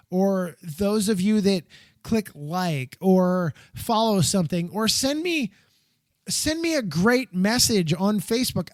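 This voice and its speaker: An American man hosting a solo podcast, talking in a rambling, heartfelt way and jumping up in pitch when he gets excited. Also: dry recording, clean studio sound. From United States. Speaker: podcast host.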